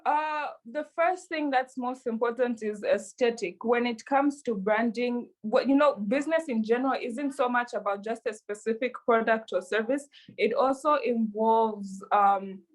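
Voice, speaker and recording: A woman being interviewed about running her businesses, answering in an earnest, measured way with frequent fillers. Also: fairly high pitch. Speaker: interview guest, entrepreneur.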